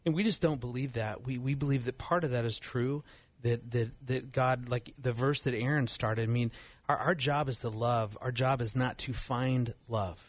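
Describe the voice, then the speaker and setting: A man's voice: medium pitch, fairly even intonation, moderate pace, no room sound. A man telling a family story and talking about love on a talk show, often laughing as he speaks. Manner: laughs while telling stories. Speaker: guest author. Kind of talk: casual storytelling chat.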